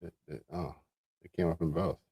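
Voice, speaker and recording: Man, livestream host, very low voice, laid-back, casual chat. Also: fairly even intonation, a little fast, warm tone, slightly rough, no echo, clean studio sound. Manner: laid-back, talks through what he is doing.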